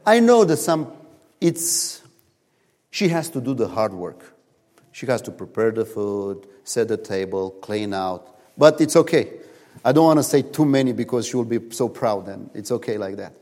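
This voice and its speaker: A man preaching a sermon in a church, telling stories in animated, non-native English, recorded in a reverberant hall. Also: fairly low pitch, moderate pace. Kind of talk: sermon with storytelling.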